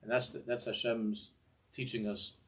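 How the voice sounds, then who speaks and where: A man's voice: medium pitch, flat delivery, normal speed, a bit bright. An older man teaching a Torah class in a discursive way, often repeating words and mixing in Hebrew phrases.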